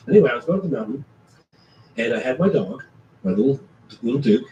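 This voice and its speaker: A man tells a hiking story with energy, his voice mellow and low in tone, jumping from whispers to sudden exclamations. He sounds distant from the mic in an echoey room, with faint ambient noise behind him. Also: quick pace. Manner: animated storyteller, acts out his own past thoughts. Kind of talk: casual storytelling chat.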